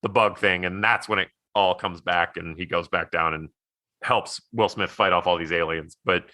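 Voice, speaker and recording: A man with a low, forceful voice chats casually as a podcast co-host. He rambles through recaps with plenty of "like" and laughs easily. The sound is close and dry. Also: fairly even intonation, normal speed, no echo. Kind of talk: casual movie chat.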